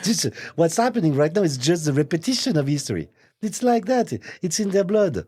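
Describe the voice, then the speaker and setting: A watch brand executive, guesting on a casual interview in a recording studio, speaks in a mellow, husky voice that sits high. He's very animated yet hesitant, halting and repeating words.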